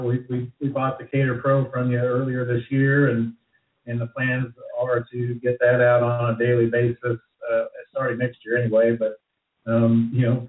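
A man on a radio talk show, speaking haltingly with many fillers and false starts. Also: medium pitch. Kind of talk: casual radio chat. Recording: phone-line audio in an echoey room.

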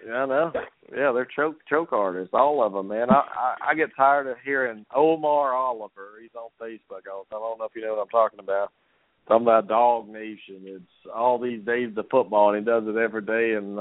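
A man's voice: fairly low pitch, fairly quick, no room sound. A man hosting a sports talk show, ranting with laughs between jabs at local teams. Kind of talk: casual sports radio rant. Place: lives in Atlanta. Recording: tinny phone-like radio sound.

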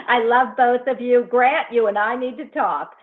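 A woman's voice: on the high side, lively intonation, slow pace. A woman hosting a call-in show, effusive and exclamatory, laughing often as she chats. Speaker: radio show host. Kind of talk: casual call-in chat. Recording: tinny phone-line sound.

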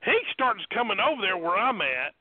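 A man with a Southern accent, a wrestling manager telling boastful stories in an animated way, full of restarts. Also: high-pitched, moderate pace. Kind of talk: storytelling on a podcast. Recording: tinny phone line.

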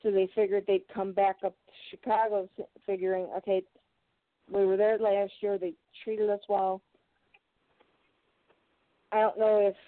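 A woman's voice: mid-range voice, dry recording. A woman co-hosting a casual chat, explaining things hesitantly with fillers. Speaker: co-host. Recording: tinny phone-like line.

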